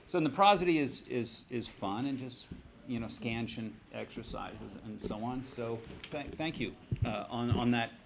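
A man who teaches college literature, speaking in a halting way that repeats words often during a conference discussion. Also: mid-range voice, creaky. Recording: loud background noise.

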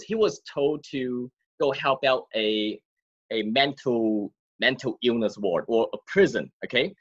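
A man's voice: mid-range voice, highs cut off. A man giving a casual explanatory talk to his viewers, often checking in with "okay?" and "right?". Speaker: wellness speaker.

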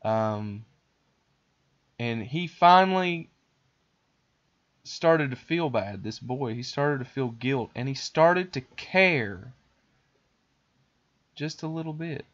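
A man hosting a podcast, casually retelling a cartoon plot in a rambling, animated way. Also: medium pitch, slow, pauses often, muffled recording. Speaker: podcast host.

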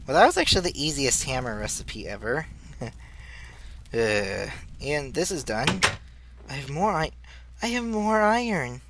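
A man giving let's play commentary in an unhurried, easygoing way, his pitch leaping about wildly as he talks to himself. He keeps breaking into high, excited squeals over small wins, with a faint hiss behind him. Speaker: gaming channel host.

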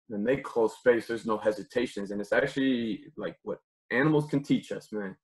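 Man, defensive football coach presenting a clinic over a video call; energetic, excitable delivery. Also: lowish voice. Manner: energetic, excitable, repeats words in bursts.

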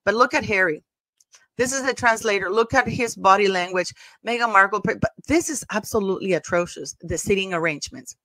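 A woman's voice: medium pitch, fairly bright tone, no room sound. A woman hosting a commentary channel, talking casually and emphatically over footage, gossipy and prone to repeating herself.

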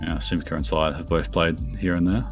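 Deep male esports caster, chatty and teasing, faint music bed. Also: creaky. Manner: chatty, teasing banter, quick bursts of excitement on plays. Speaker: esports commentator. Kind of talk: casual esports commentary.

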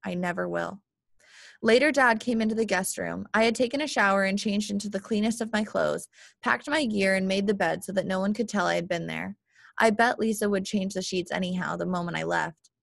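A woman narrating an audiobook in measured first-person storytelling. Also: medium pitch, vocal fry, a bit bright, no echo, studio quality. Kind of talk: audiobook reading.

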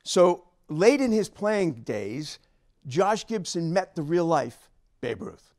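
A man speaking as an author at a book talk, telling stories in an animated, emphatic way and chuckling along. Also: on the high side, slow pace. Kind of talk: storytelling lecture.

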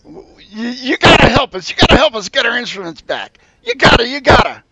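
A man voicing a panicky little furry band musician who pleads frantically in a very high, loud voice. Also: very animated, brisk, background noise. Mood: pleading. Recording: dull lo-fi sound.

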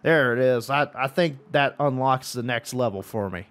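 A man's voice: mid-range voice, moderate pace, hardly any pauses, a bit bright, no room sound, faint music behind. A young man giving profane, exasperated commentary while playing a video game, talking at the game. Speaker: gaming YouTuber. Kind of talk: frustrated gameplay commentary.

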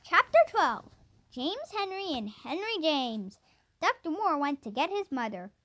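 High, lively woman reading a storybook aloud. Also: unhurried. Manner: plain read-aloud with small stumbles and restarts. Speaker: storybook reader. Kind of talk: reading a children's chapter book aloud.

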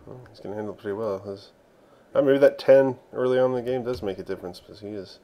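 A young man casually commentating his own strategy game while he plays, excitable and talking to himself. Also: on the low side, fast talker, slight background noise. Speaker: gaming channel host.

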